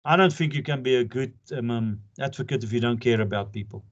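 A man's voice: medium pitch, fast. Chatty older man lecturing, lo-fi sound. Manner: chatty, jokey, earnest, laughs often. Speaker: advocate lecturing pupils. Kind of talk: informal lecture with anecdotes. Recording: dull lo-fi lecture recording.

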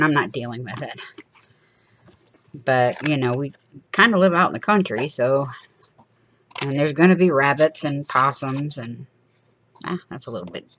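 Low voiced woman, 50s, rambly chatty crafter talking to her viewers, slight hiss behind. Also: normal speed. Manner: rambling, chatty, laughs often, acts out little quoted voices. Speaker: craft channel host. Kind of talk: casual chat while crafting.

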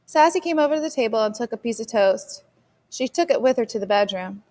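A woman teacher reading a novel chapter aloud for her class in a steady storytelling manner. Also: fairly high pitch, a little fast. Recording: long reverb.

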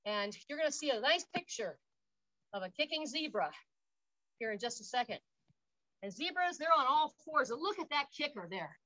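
A woman's voice: sits high, lively intonation, moderate pace, pauses often, pushed and bright, poor audio. A woman park guide leading an outdoor workout, upbeat, counting reps aloud and cheering, a little out of breath. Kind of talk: instructional exercise demonstration.

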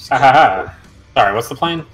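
A man's voice: mid-range voice, animated, fairly quick, fairly bright tone. A man playing a game online with friends, easygoing and chatty. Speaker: player. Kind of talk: casual gaming chat. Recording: roomy echo with faint music.

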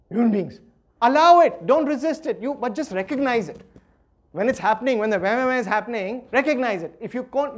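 With a very high voice, a middle-aged Indian English speaker delivers a playful, animated workshop lecture. He moves between loud stresses and soft asides.

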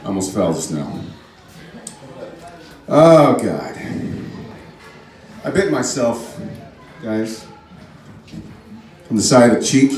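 Male stand-up, lively, self-mocking, chatty with the crowd; roomy, distant club sound. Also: medium pitch. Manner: rambling, self-mocking, audience banter. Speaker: stand-up comedian. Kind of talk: stand-up set. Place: comedy club stage. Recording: roomy club, mic from far off.

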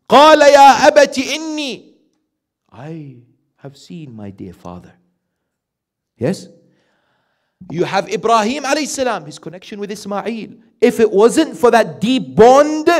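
A male preacher giving a lecture, his voice sitting a little high and swinging widely up and down. He questions his listeners and voices the parents he describes. Quick Arabic recitations come between his English points. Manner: animated, asks the audience questions and acts out quoted parents. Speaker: sheikh giving a Muharram lecture. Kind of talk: sermon.

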